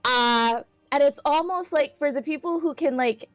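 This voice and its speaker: A woman's voice: sits high, moderate pace, dry recording, poor audio. A woman playing a tabletop game, describing her character with lots of fillers and hedges. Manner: rambling with many fillers and hedges. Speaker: player.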